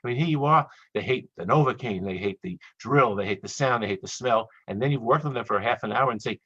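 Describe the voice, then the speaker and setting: A man giving a chatty, joking lecture to dentists over a webinar, quickly acting out little quoted exchanges. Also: on the low side, a bit bright, husky, dry recording. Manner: fast, chatty, joking asides, acts out quoted voices. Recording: dull, dry lo-fi webinar audio.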